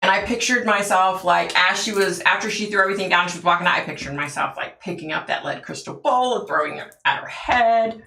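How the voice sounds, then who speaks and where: A livestream host with a gravelly, sharp-toned, medium-pitched voice talks fairly quickly in a roomy-sounding space. She chats casually with her viewers, telling stories, laughing often and answering their comments.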